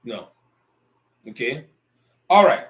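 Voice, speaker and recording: A man teaching an online language class, pausing often with ums as he explains tone. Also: mid-range voice, very animated, a bit bright. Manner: slow, deliberate, with frequent ums and pauses.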